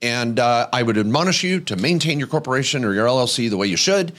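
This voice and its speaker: A middle-aged man hosting a podcast, telling an anecdote in a lively way and acting out the people in it. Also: mid-range voice, quick pace. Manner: lively, acts out voices in anecdotes. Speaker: podcast host. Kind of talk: animated storytelling chat.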